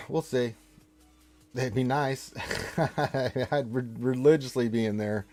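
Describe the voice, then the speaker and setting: A man's voice: medium pitch, steady tone, slow, gravelly, darkish tone, soft background music. A man hosting a casual live game stream, reading the chat aloud and teasing viewers with mock-stern playfulness.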